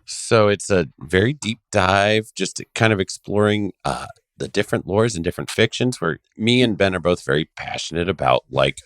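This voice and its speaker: A man with a very low voice co-hosts a casual review podcast, his pitch moving a lot as he talks. He sounds enthusiastic and loose, swears freely, and the recording is dry and close. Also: animated, moderate pace, few pauses, a bit bright, no echo. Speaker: podcast co-host.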